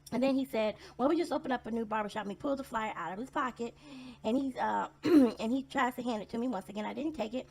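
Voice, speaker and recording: A woman telling her own stories to the camera in a loose, casual monologue. Her voice sits a little high and keeps dropping into a gravelly fry. She talks bluntly and with a dry, sarcastic edge. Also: fast talker. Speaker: vlogger telling personal stories.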